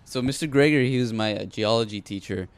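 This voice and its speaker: A man's voice: medium pitch, fast, clear, resonant tone, dry recording. Young man, casual podcast chat, laid-back, laughs easily, dry close recording. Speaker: podcast co-host.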